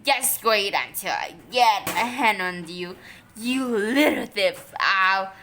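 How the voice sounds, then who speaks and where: A woman's voice: mid-range voice, fairly even intonation, takes it slowly, bright, forceful tone, a little hiss or hum. A woman reading aloud and voicing a horrid, bratty young boy who screams and howls his complaints. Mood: menacing.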